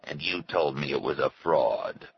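A man's voice: extremely low pitch, unhurried, creaky, lo-fi sound, a little hiss or hum, full character voice. A man voicing a sly, brash businessman who talks in breezy, folksy slang. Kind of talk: audiobook character voice.

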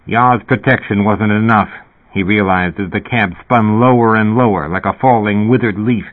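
A man reading science fiction as an audiobook narrator in a steady, even storytelling manner, over a phone-like narrow sound. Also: fairly low pitch, moderate pace.

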